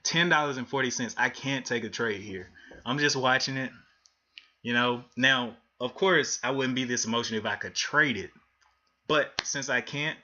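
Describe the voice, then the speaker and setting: Bright-voiced man streaming day trades. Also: medium pitch, muffled recording. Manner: frustrated, thinking aloud while watching charts. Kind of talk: live trading commentary.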